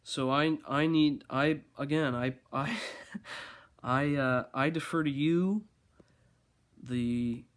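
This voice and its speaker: A man telling a story in a casual rambling monologue, sarcastic and mock-grandiose, halting often to restart his sentences. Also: fairly high pitch.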